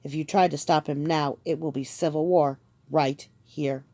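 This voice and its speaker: A woman's voice: low-pitched, steady tone, normal speed, dark tone, no room sound. A woman voicing a grave, cautioning duke.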